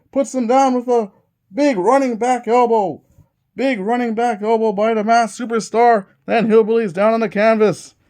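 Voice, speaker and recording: A man with a strikingly high voice calls a dice-driven wrestling match in a play-by-play style. He is eager and keeps restating each hold and strike as it lands. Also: a little mellow. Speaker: host commentating a tabletop wrestling game.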